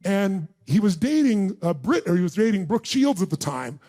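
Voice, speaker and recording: A man's voice: high voice, sing-song, moderate pace, dark tone. A middle-aged man on stage, telling a story to a live audience as a motivational speaker and quizzing the crowd. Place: large event room.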